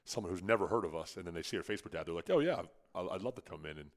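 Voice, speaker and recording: A man co-hosting a podcast, asking questions in casual, conversational chat. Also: deep voice. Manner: asks questions, quick and conversational. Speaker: podcast co-host.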